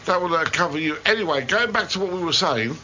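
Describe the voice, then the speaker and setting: A man's voice: fairly high pitch, expressive, fast, sharp tone, slight background noise. A man co-hosting a local radio show, bantering in a playful, indignant, jokey way in the studio. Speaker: radio co-host. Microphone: studio microphone. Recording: dull lo-fi radio studio recording.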